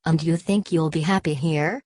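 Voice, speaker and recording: A rapt, languid society woman, as a woman narrator reads her, slow and sing-song. The voice is low and dry. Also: steady tone, darkish tone, no room sound.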